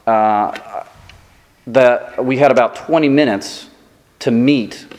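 A man preaching a sermon as pastor, telling self-deprecating stories in a lively, animated way. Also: mid-range voice, slow pace, big-room sound.

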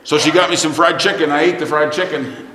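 A man's voice: on the high side, fairly quick, fairly bright tone, slight background noise. A middle-aged man preaching a sermon, telling a plain-spoken, folksy story. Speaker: pastor. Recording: echoey hall, long reverb.

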